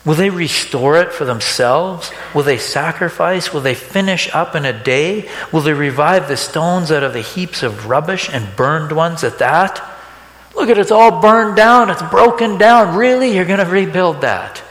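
A man's voice: a little high, a little slow, few pauses, fairly bright tone, pitched above the performer's own voice. A man voicing a scornful mocking man who jeers sarcastically at people rebuilding a wall. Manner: sneering, sarcastic. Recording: echoey hall reverb.

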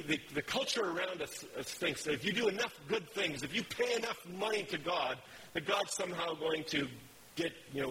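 A man's voice: fairly high pitch, pushed and bright, a little hiss or hum, poor audio. A man preaching a sermon, telling a story in a conversational way. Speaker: pastor.

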